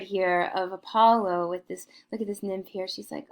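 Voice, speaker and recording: A woman's voice: medium pitch, little pitch movement, moderate pace, hardly any pauses. A woman teaching an art history lecture in a playful, theatrical way, slipping into mock-aristocratic asides.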